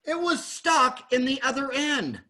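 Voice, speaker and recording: A middle-aged American dentist talks in a high, bright voice. He speaks bluntly and animatedly, rambling and restarting his sentences as he goes. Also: sing-song, a little slow, rough recording. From United States. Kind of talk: panel discussion monologue.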